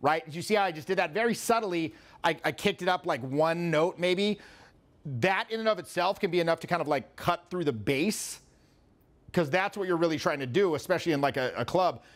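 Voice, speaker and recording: A man's voice: a little high, fairly quick. Upbeat, swearing man coaching a seminar. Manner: casual and animated, with frequent swearing. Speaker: social skills coach. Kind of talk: live seminar talk. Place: seminar room with an audience.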